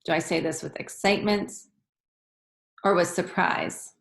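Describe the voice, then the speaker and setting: A woman's voice: lowish voice, steady tone, a little slow, gravelly. A woman teaching young children a lesson, patient and encouraging. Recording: echoey room.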